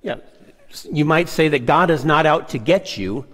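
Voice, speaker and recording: A man's voice: on the high side, moderate pace, a bit bright, long reverb tail. A man co-presenting a sermon, reading scripture aloud and affirming the main speaker. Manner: affirming, keeps saying "that's right". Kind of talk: sermon dialogue.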